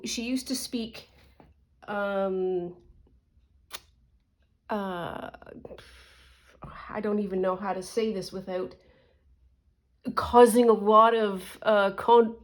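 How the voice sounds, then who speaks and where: A middle-aged woman from Canada talks casually and at length, drifting into side stories and restarting her sentences. Her pitch sits at an ordinary middle height for a woman. She sounds relaxed and conversational, as if she is talking to viewers while working on her journal. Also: drawn-out words, long pauses. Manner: rambling, chatty, with asides and restarts. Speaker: crafting vlogger. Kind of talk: casual storytelling while crafting.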